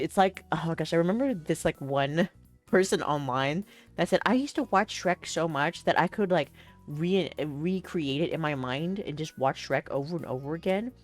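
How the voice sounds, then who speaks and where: Rambling young woman streamer, low voice. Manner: rambling, frequent "like" fillers, laughs often. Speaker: streamer reading a visual novel aloud. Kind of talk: casual live-stream chat and reading.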